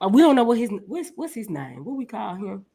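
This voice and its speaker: A woman's voice: on the high side, sing-song, fairly quick, vocal fry, mellow, husky. A woman co-hosting a podcast in casual chat, blunt and teasing, swearing freely. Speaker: podcast co-host.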